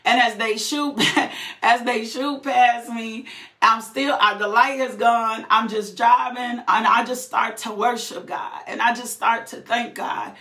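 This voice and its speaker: A woman's voice: on the high side, fairly even intonation, unhurried, sharp tone. A woman giving a fervent, emotional personal testimony, repeating phrases and breaking into laughter. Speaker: testifying believer. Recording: roomy echo.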